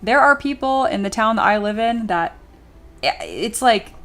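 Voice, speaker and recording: A woman's voice: a little high, lively intonation, moderate pace, fairly bright tone. A young adult woman livestreaming while she sculpts, chatting casually and giggling as she reads viewer comments aloud. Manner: chatty and giggly, with frequent fillers.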